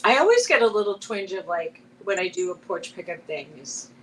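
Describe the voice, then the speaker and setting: Over background noise, a woman chatting casually with a friend on their live show rambles through stories, restarting often and breaking into laughter mid-sentence. She speaks fairly quickly in a mid-range, sing-song voice.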